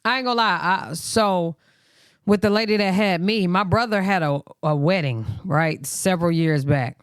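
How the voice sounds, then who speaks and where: A man's voice: moderate pace, clean tone, dry recording, clean studio sound. A man hosting a casual chat, animatedly telling a personal story and acting out other people's lines in a raised voice. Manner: animated, acts out quoted voices in high pitch. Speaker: host.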